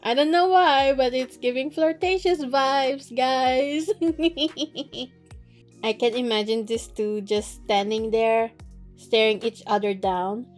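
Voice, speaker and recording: A woman casually recapping a novel chapter by chapter, chatty and quick to laugh, with plenty of fillers. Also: high-pitched, soft background music. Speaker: book recap creator.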